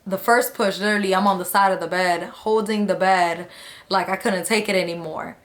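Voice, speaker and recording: A woman's voice: medium pitch, fairly even intonation, fairly quick, a bit bright. A woman vlogger casually telling a story to a nearby camera, chatty and slangy, acting out the people she quotes. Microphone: camera close to her.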